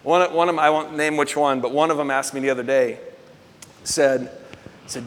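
A middle-aged man preaching in a storytelling way, lively and animated. His voice sits high for a man. It carries with a long reverb, as if he is in a large hall. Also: moderate pace, pauses often. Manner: animated, acts out quoted voices. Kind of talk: storytelling sermon.

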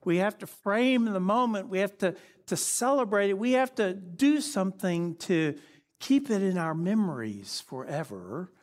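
A man voicing an eager, excited male disciple with animated, quick speech. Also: medium pitch, breathy edge, pitched below the performer's own voice.

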